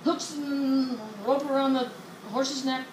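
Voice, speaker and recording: A woman with a slightly high voice tells rambling jokes and giggles through her own punchlines. She stumbles and restarts but keeps going. The sound is roomy and echoey, with steady background noise. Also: takes it slowly. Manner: chatty, laughs mid-joke, loses her place. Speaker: joke-telling co-host. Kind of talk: rambling joke telling. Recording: echoey room with clear noise.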